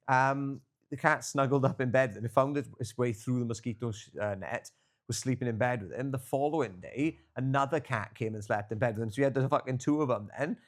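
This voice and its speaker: A young man co-hosting a podcast, his voice sitting at a middling pitch. He tells long, rambling travel stories in a loose, casual way, full of fillers and swearing. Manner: rambling storyteller, swears freely, filler-heavy. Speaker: podcast co-host. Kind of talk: casual chat.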